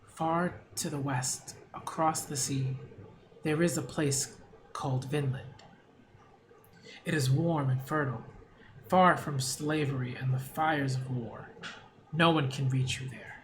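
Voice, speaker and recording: A man voicing a gentle, kindly older man who speaks softly and calmly in a comic book read-aloud. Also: a little high, normal speed, long pauses, noisy background, natural voice.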